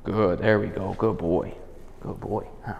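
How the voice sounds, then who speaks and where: Male dog trainer, calm explainer, low gravelly voice, echoey room with a long tail. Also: a little slow. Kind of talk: instructional demonstration. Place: indoors in a house. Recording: echoey room with long reverb, dull lo-fi sound.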